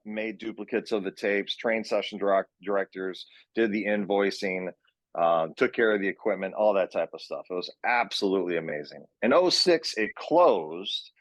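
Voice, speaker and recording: A guest in his forties from Minnesota, an actor and session director, tells rambling anecdotes about his acting and casting work in casual chat. His voice is lowish, with no room sound.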